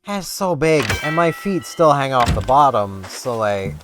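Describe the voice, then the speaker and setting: A man's voice: medium pitch, sing-song, a little slow. A man rambling casually while playing a video game, chatty and self-deprecating, with game music behind him. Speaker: gaming vlogger. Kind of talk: casual gameplay commentary.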